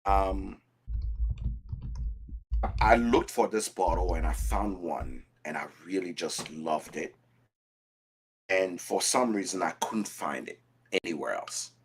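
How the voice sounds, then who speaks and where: Deep-voiced husky man, lively delivery, casual storyteller on a web talk show. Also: slow, pauses often. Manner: animated, storytelling with repeated restarts. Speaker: whiskey show contestant. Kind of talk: casual chat.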